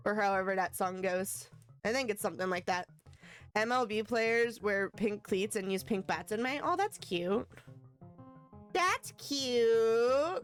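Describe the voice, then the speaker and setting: A woman's voice: a little high, lively intonation, measured pace, faint music behind. A woman live-streaming a video game, chatting with her viewers and shrieking at close calls. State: tired after work.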